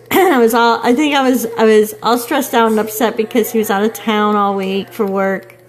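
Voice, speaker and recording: A woman's voice: fairly high pitch, fairly even intonation, normal speed. A middle-aged woman chatting casually with viewers while she paints a digital portrait, rambling from one thing to the next. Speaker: digital artist streaming a painting session.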